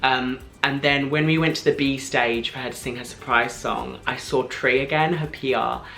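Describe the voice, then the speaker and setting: Young guy, twenties, vlogger, excited storytelling with lots of fillers, mid pitch, faint music behind. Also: gravelly. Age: 20s. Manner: gushing, fast, filler-heavy with frequent "like".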